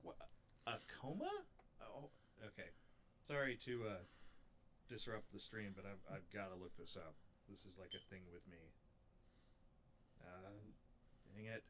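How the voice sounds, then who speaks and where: Male streamer, lower pitch, relaxed casual chat, trails off and restarts, light noise behind. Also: a little slow, pauses often, rough recording. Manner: hesitant, lots of uh and restarts. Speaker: streamer playing a game.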